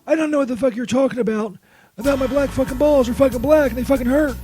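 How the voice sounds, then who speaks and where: A man's voice: very high-pitched, fast. A man voicing a whiny, beaten-up male saint who swears, stammers and is constantly baffled, in a comedy radio bit. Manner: profane, stammering, bewildered. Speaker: co-host. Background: loud music.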